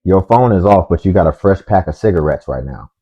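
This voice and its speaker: A man's voice: low voice, animated, fairly quick, dark tone, highs cut off. A man hosting a commentary video, speaking in a dry, sarcastic way. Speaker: commentary host. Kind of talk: scripted commentary.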